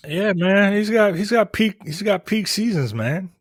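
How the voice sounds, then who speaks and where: A man's voice: sits high, expressive, a little slow, no echo, clean studio sound. A man co-hosting a podcast, chatting casually in laid-back slang and stammering as he gives advice. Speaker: podcast co-host. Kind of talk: casual chat.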